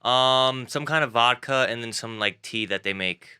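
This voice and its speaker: A man chatting on a podcast, relaxed and giving short answers. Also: mid-range voice, moderate pace, clear, resonant tone. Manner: laid-back, short answers. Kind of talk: casual chat.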